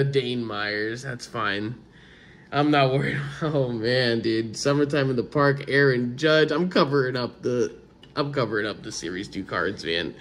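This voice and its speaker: A man hosting his own vlog, opening sports card packs in casual, excited chat, often stammering and repeating words. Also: medium pitch.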